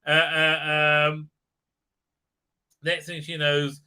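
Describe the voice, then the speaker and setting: A man's voice: fairly high pitch, monotone, drawn-out words, sharp tone, clear, resonant tone. A middle-aged man hosting a live stream from his desk, rambling sarcastically and swearing, full of fillers and restarts.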